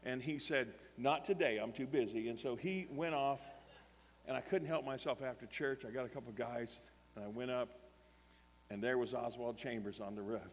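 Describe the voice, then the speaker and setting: A man's voice: medium pitch, normal speed, slight background noise. A man preaching a sermon, telling a story animatedly and acting out both sides of the dialogue. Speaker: pastor. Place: camp meeting hall. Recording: long hall reverb.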